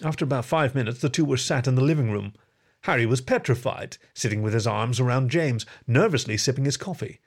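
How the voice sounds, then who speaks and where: A man narrating a story as the host of a fireside reading show, measured and expressive. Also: medium pitch.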